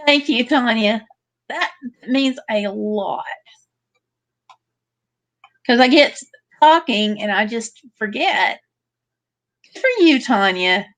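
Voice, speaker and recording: A woman with a slightly high voice hosts a relaxed livestream from home. She reads out viewer comments one after another and answers each in a friendly way. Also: slow pace, pauses often. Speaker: livestream host. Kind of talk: casual livestream chat reading viewer comments.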